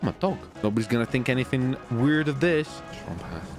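A man giving excited, chatty commentary on his own gameplay as a streamer, giggling and narrating each move. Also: medium pitch, fairly quick, music in the background. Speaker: streamer playing a roleplay game.

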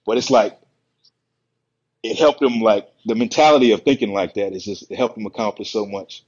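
A man who is a bodybuilder and podcast guest, telling stories in a relaxed, rambling way and acting out the quotes. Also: on the low side, normal speed, slightly rough. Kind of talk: casual storytelling on a podcast. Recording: muffled lo-fi podcast audio.

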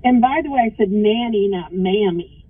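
A woman's voice: mid-range voice, moderate pace, breathy edge, dry recording. A woman calling in to a livestream, talking bluntly and casually, swearing and laughing often. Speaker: caller. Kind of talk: casual phone call on a livestream. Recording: phone line.

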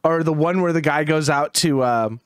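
A man's voice: fairly high pitch, normal speed, clear, resonant tone, dry recording, clean studio sound. A man co-hosting a casual podcast, joking and swearing often. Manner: joking, profane, breaks into quoted voices. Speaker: podcast co-host.

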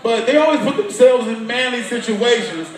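A woman's voice: on the high side, expressive, moderate pace, recorded from a distance. A woman doing a brash, profane stand-up comedy set. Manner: loud, brash, swearing. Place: comedy club stage. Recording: echoey club recorded from afar, crowd laughing.

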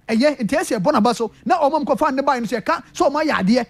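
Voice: high-pitched, fast talker. A football pundit with a Ghanaian accent argues passionately in a sports talk discussion, repeating points and addressing the host by name.

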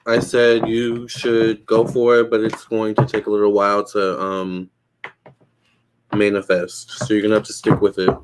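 A man's voice: lowish voice, monotone, moderate pace, slight background noise. A man doing live psychic tarot readings for viewers in a casual chat, hedging and answering questions from the chat. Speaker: livestream psychic tarot reader.

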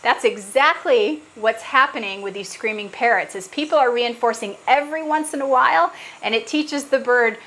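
A woman's voice: a little high, moderate pace, hardly any pauses, fairly bright tone, poor audio. A middle-aged woman, an animal trainer, patiently explaining parrot training with examples over a video call. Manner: earnest, patient, example-driven.

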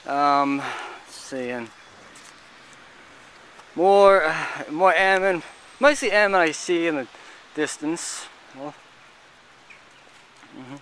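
A man giving casual, halting commentary as he walks through an outdoor cemetery, listing what he sees with many fillers. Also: on the high side, lively intonation, a bit bright, clear, resonant tone. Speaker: vlogger touring a cemetery.

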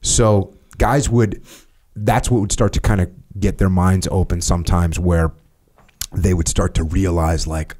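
A man's voice: low voice, fairly even intonation, a little slow, darkish tone. A middle-aged man hosting a podcast, telling stories in casual conversation and acting out what people said. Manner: storytelling, acts out quoted voices. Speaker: podcast host.

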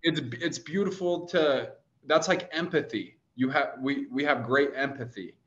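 A man's voice: medium pitch, measured pace, lo-fi sound. A man speaking as a podcast guest, affirming and earnest, often tagging "man" onto his sentences. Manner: warm, affirming, says "man" a lot. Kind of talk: casual conversation.

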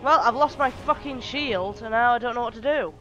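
A woman's voice: a little high, fairly quick, fairly bright tone. A woman doing let's play commentary, swearing and talking back to the game in exasperation. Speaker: gameplay commentator. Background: game music.

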